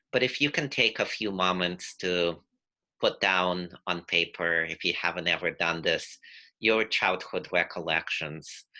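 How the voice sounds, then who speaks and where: A young man from Ukraine talks as a guest on a video call, reflective and earnest with small hesitations. His voice is very low yet bright and forceful in tone. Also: poor audio. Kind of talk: casual video-call interview.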